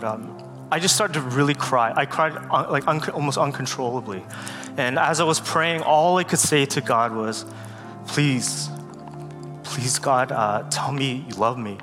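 A man giving a guest sermon, telling a personal story in an earnest, halting way with many fillers, close to tears. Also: medium pitch. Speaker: guest speaker. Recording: long hall reverb with loud music.

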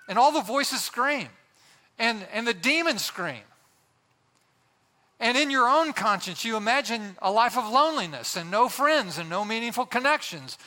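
Bright-voiced preacher in a reverberant hall. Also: male voice, very high voice, big pitch swings. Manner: impassioned preaching with dramatic pauses. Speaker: pastor. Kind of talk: sermon.

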